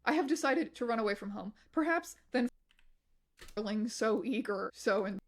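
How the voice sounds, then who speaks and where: A woman streamer reading blog posts aloud on a stream in a steady, matter-of-fact way. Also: fairly high pitch, fairly quick.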